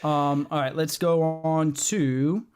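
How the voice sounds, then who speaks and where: Speaking slowly in a slightly high, steady voice, the host of a casual comics podcast explains his views assertively and at length. His speech is full of ums and uhs.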